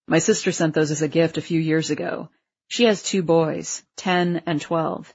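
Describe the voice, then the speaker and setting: A woman's voice: low-pitched, fairly even intonation, normal speed, vocal fry, darkish tone, husky, lo-fi sound, pitched below the performer's own voice, heavily acted. A woman doing an easygoing grown father. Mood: friendly. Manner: informative, easygoing explaining. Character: friendly grown man, a father, tour guide.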